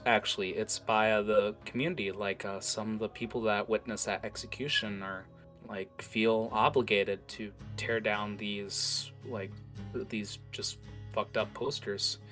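A man's voice: on the low side, unhurried, bright, forceful tone, faint music behind. A man narrating as game master in an improvised tabletop session, rambling with many fillers and restarts.

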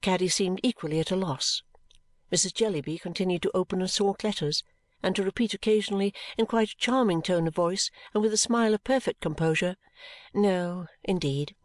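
A woman narrating a classic novel as an audiobook in a measured, even way. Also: medium pitch, dry recording. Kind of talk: scripted narration, reading a classic novel aloud.

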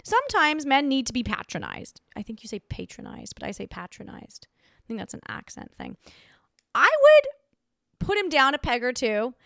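A young woman with a fairly high voice hosts a casual advice podcast, talking in a blunt, sassy and playful way. The sound is dry and close, with no room around her. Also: huge pitch swings, normal speed, a bit bright, dry recording. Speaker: podcast host.

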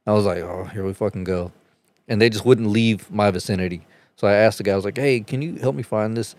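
A man chatting casually on a podcast, telling a rambling, profane story and getting animated as he retells it. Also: on the low side, fast talker, no room sound.

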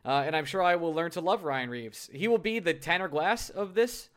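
An animated man co-hosting a sports talk show, with a somewhat high-pitched voice. He jokes easily, pokes fun at himself and gets lively when he's excited about a player. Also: moderate pace. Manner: animated, joking, self-deprecating. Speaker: podcast co-host.

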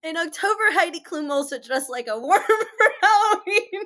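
A woman's voice: extremely high pitch, animated, moderate pace, sharp tone. A woman in her mid twenties co-hosting a podcast, chatting casually with slang, swearing and frequent laughter. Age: mid 20s. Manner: giggly, slangy, profane. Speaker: podcast co-host. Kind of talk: casual chat.

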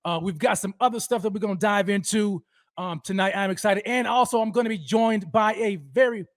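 A man hosting a fan livestream, energetically shouting out viewers by name and talking about how fired up he is. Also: high-pitched, a little fast, dry recording, clean studio sound. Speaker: host of a fan livestream show. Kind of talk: energetic live-stream roll call.

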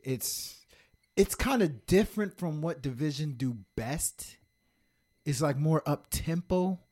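A young man from Washington, D.C., speaking slowly with a fairly high pitch, co-hosts a podcast where songs get reviewed in casual chat. He's animated and joking, playfully teasing as the conversation goes on.

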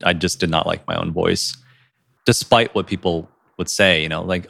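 A man co-hosting a podcast in casual chat, animated and quick to laugh. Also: sits low, creaky, no room sound. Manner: animated, laughs often, words tumbling fast. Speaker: podcast co-host.

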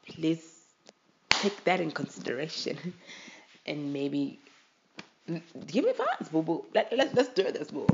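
A South African host talks straight to listeners in a casual podcast monologue, emotional and pressing. The voice carries heavy vocal fry. The recording sounds dull and lo-fi. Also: medium pitch, a little hiss or hum. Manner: emotional and impassioned, urging listeners.

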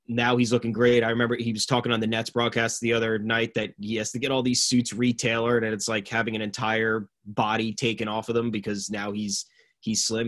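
A man co-hosting a casual sports podcast, talking in a rambling, animated way with plenty of fillers. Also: lowish voice. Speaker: podcast co-host.

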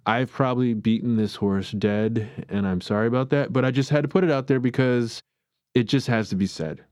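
A man's voice: mid-range voice, brisk, darkish tone, no room sound, studio quality. A man hosting a podcast, giving a chatty, rambling film review and openly airing his opinions. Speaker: podcast host. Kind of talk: casual film review monologue.

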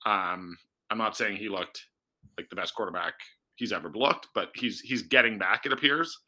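Male sports reporter, casual chat, very bright and tense voice, hedges and restarts often. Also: fairly low pitch, normal speed, rough recording. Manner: thinks aloud with many fillers and restarts.

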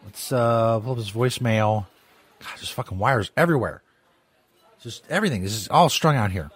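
A man's voice: medium pitch, lively intonation, normal speed, breathy edge, dry recording. A man hosting a radio show, talking in a crude, rambling way with laughing asides. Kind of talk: crude casual live radio talk.

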